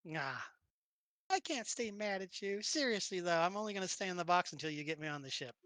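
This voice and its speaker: A woman's voice: lowish voice, normal speed, no room sound. A woman playing a sly scrappy fox-girl thief. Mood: scheming. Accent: put-on Brooklyn. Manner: deadpan, wheedling, cheeky. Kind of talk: tabletop role-play in character.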